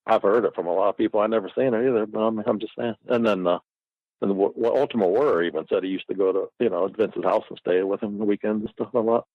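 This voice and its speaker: A man's voice: on the low side, steady tone, fast talker, no room sound. Brief: male podcast guest, loose profane rambler who laughs a lot, dry close sound. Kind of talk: casual storytelling. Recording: dull lo-fi recording.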